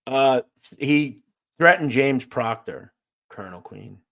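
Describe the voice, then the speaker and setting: A man's voice: medium pitch, lively intonation, measured pace, gravelly. A man hosting a casual livestream, reading viewer comments aloud and joking around. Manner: loose, joking, swings from loud to mumbled asides. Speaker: host.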